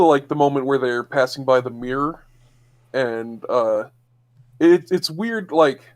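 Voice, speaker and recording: A man co-hosting a casual podcast chat, picking apart details with frequent pauses and restarts. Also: medium pitch. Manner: hesitant and analytical, with frequent fillers and restarts. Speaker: podcast co-host.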